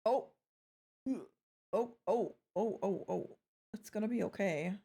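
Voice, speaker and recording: Her voice is mid-range, slow and creaky, with a dark tone and a breathy edge. This young woman is live-streaming, bantering playfully with viewers, cursing as she likes, and trailing off only to restart.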